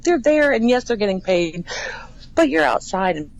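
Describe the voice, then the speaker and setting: Laughing, animated woman haunt manager. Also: a little high, moderate pace, vocal fry, rough recording. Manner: animated, laughs often, frequent restarts. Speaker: haunted attraction cast manager and actor trainer. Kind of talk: casual interview.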